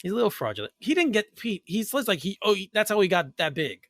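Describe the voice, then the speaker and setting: A man's voice: high-pitched, big pitch swings, fast, fairly bright tone, dry recording, studio quality. A man on a podcast chatting in a laid-back, teasing way. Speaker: podcast co-host. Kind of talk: casual chat.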